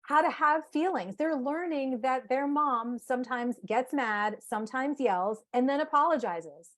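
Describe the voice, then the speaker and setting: Animated woman acting out inner voices. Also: high-pitched, unhurried. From United States. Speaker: psychotherapist guest. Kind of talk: casual podcast conversation.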